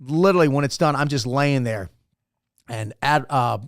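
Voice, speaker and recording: A man's voice: medium pitch, normal speed, no room sound, studio quality. A man in his fifties, a former Navy SEAL guest, telling rambling, profane stories in a casual interview.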